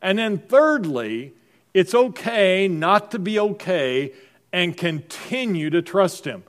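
A man's voice: high voice, very animated, slow pace. A middle-aged man preaching a sermon as pastor, in a conversational style full of rhetorical questions to the congregation.

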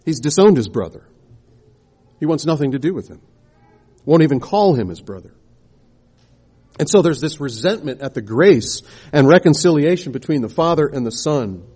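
A man's voice: on the high side, lively intonation, normal speed, pauses often, darkish tone, breathy edge. A man preaching a sermon, explaining scripture and posing rhetorical questions to the congregation.

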